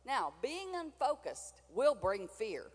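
A woman's voice: a little high, very animated, takes it slowly, big-room sound. An older woman preaching a sermon in a chatty, folksy way, with asides to the congregation.

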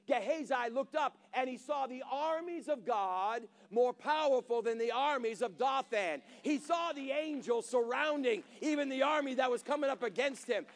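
A man preaching a sermon, retelling a Bible story in casual words and rising to shouted calls to the congregation. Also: very high-pitched.

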